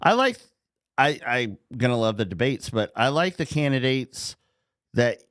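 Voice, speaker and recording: Casual joking guy from north dakota on his podcast, swears a lot, bouncy pitch. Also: lively intonation, measured pace, a bit bright, no room sound, clean studio sound. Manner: joking, laughs often, swears. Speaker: podcast host.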